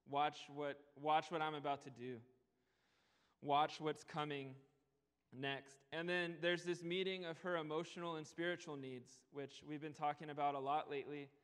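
A young man preaching a sermon in earnest tones, slowing down to press on key words. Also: fairly high pitch, fairly bright tone, clean tone. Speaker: pastor. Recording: long hall reverb.

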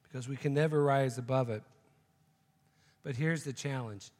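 A man's voice: medium pitch, moderate pace, darkish tone, in a large hall. A man preaching a sermon, telling a joke story and then making emphatic, repeated points. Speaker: pastor.

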